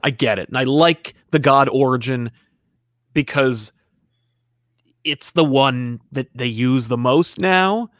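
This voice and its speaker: Guy cohosting a podcast, rambly and animated, dry close mic. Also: medium pitch, slow pace, long pauses, no echo. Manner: rambling, animated, reads out listener comments. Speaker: podcast co-host. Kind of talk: casual chat.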